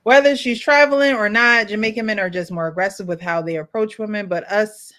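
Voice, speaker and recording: A woman's voice: mid-range voice, steady tone, fairly quick, a bit bright. A woman hosting a panel in casual chat, playful and teasing, often breaking into laughter. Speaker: panel host.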